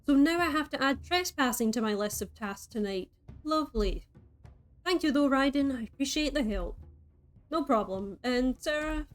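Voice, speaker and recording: A woman reading a story game aloud as a streamer, breaking in with playful, chatty asides. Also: a little high.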